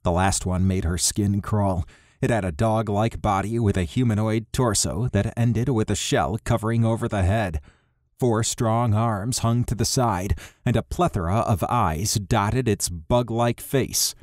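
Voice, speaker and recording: A man reading an audiobook in an even, measured narration. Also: lowish voice, no room sound, clean studio sound. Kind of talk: scripted narration.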